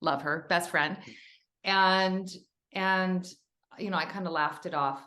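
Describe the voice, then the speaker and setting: A woman's voice: lowish voice, steady tone, slow pace, bright, forceful tone, reverberant. A woman author as a podcast guest, telling a personal story in an earnest, emotional, rambling way.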